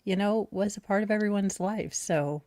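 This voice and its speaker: A woman's voice: medium pitch, normal speed, crowd noise. A woman in casual livestream chat, reassuring and giggly.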